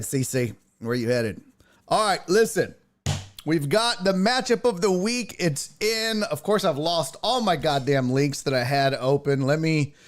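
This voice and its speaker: A man hosting a live sports talk stream, excitable and profane, greeting chat viewers by name and laughing often. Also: on the high side. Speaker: sports talk show host.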